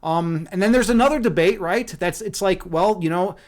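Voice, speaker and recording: A man's voice: sits high, normal speed, a little mellow. A man chatting casually on a livestream, rambling and profane, laughing often. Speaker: streamer.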